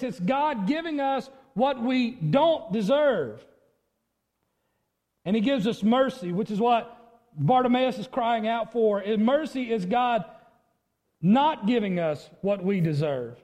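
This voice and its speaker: A male pastor preaching a sermon, with emphatic delivery and sudden high outcries as he acts out a plea. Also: dark tone, long reverb tail.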